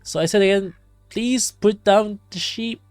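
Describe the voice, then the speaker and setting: A man's voice: sits high, measured pace, clear, resonant tone, no room sound, soft background music, voice pushed up. A man voicing a young woman who tells a werewolf story in a tavern, reading game dialogue aloud with some flair. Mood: animated.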